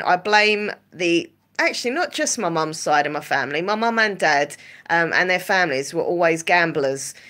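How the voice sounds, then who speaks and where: A woman hosts a relaxed livestream and chats to her viewers, rambling from one story to the next and greeting people by name. Her voice sits a little low, yet it has a bright, forceful edge. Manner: chatty, giggly, rambling, greets chat by name. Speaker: livestream host and ASMR creator. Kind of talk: casual livestream chat with viewers.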